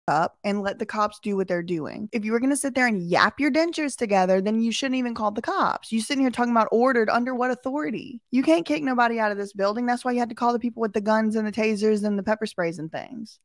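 A woman's voice: a little high, fast, no echo, clean studio sound. A woman giving casual, blunt and mocking reaction commentary, often laughing at what she watches.

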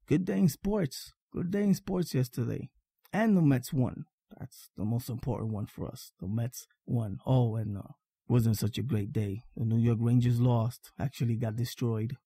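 Husky, very dark-voiced male podcast host. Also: mid-range voice, moderate pace, no room sound, clean studio sound. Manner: emphatic, repeats phrases, keeps asking "all right?". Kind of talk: casual sports fan monologue.

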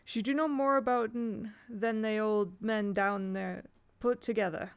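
Woman narrator doing a gruff village boy, gravelly. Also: medium pitch, fairly even intonation, a little slow, natural voice. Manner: gruff and contemptuous.

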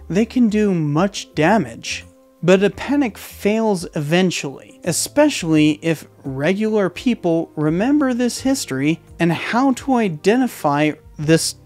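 Male history host, scripted narration, measured and lively, faint music behind. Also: high-pitched. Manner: deliberate, emphatic delivery.

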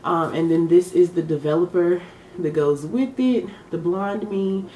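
Sassy young woman vlogging to camera, lowish voice, echoey room w faint hum. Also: measured pace, warm tone. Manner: chatty, emotional, sassy slang. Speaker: beauty vlogger. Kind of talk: casual chat to camera. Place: room lit for filming. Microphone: camera mic.

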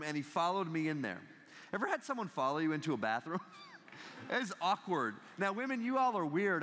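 A man's voice: fairly high pitch, fairly bright tone. A man in his thirties giving a campus talk as a guest speaker, telling a story with jokes and acting out the quoted lines. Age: 30s. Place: large hall. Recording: long hall reverb.

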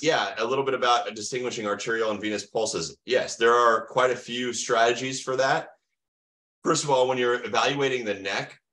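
This lowish, slightly bright male voice belongs to a middle-aged American giving a medical lecture online. He quizzes his listeners and supplies the answers himself, full of teacherly energy.

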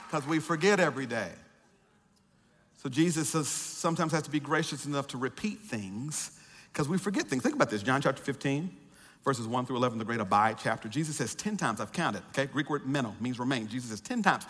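A man preaching a sermon as pastor, building to repeated shouted refrains and dropping to quiet joking asides. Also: medium pitch, lively intonation, brisk, husky. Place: large church sanctuary. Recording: reverberant church hall.

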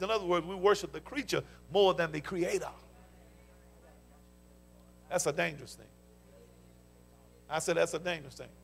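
High, gravelly Southern preacher man. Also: moderate pace, pauses often, fairly bright tone, soft background music. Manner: fervent preaching with call-and-response interjections; folksy storytelling. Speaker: pastor. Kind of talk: sermon. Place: church sanctuary.

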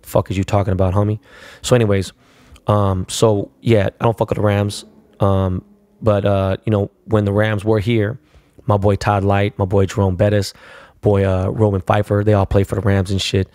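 A man's voice: on the low side, little pitch movement, moderate pace, darkish tone, dry recording. A man tells a rambling, profanity-laced story on his own podcast. The sound is dry and close, with no room around it. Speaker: podcast host. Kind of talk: casual solo storytelling.

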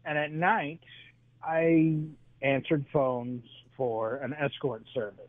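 A man who is a stand-up comedian telling his act in an interview, halting and full of "uh"s, chuckling between jokes. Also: mid-range voice, steady tone. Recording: dry tinny phone line.

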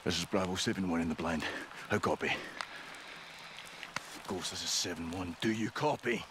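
An actor playing a tense soldier hiding alone, calling out in clipped military radio talk. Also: male voice, low-pitched, normal speed, close to an everyday voice. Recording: rain noise behind game audio.

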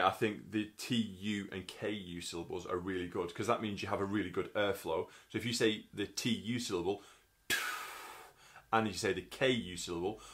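A man's voice: lowish voice, fairly bright tone. A man explaining brass tonguing technique in a methodical teaching style, often sounding out syllables. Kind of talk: instructional tutorial.

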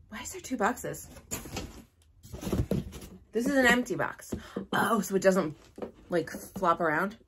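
A woman hosting a casual unboxing vlog, gushing and excitable, with gasps and squeals. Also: mid-range voice, slow pace, long pauses, background noise. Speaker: vlogger host.

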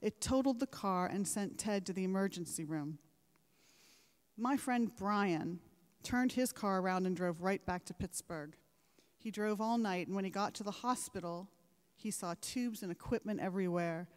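A woman gives a formal commencement address in a large ceremony hall, drawing in her audience with rhetorical questions and anecdotes. Her voice is mid-range and clean-toned at a normal speed, and the recording echoes through the big hall.

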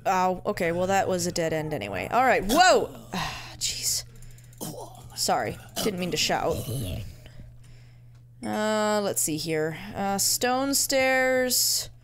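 A woman's voice: on the low side, lively intonation, slow pace, long pauses. A woman giving casual gameplay commentary, muttering to herself in a playful, easily amused way. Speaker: let's-play gamer.

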